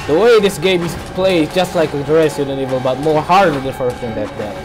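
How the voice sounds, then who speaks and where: A man narrating his own horror gameplay in broken English, dropping to hushed muttering and then breaking into panicked shrieks. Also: on the high side, brisk, over music. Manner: non-native English with broken grammar. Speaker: gameplay streamer. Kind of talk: horror game commentary.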